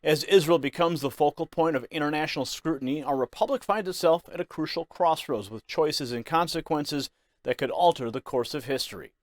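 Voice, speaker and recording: A man's voice: a little high, fairly quick, dry recording. Brief: male voice-over narrator, scripted news special, grave emphasis, dry studio sound. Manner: ominous, emphatic delivery.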